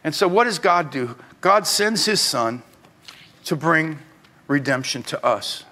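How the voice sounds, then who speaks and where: A middle-aged male pastor preaching a sermon, swinging between loud urging and quiet, confessional talk. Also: on the high side, lively intonation, a little slow.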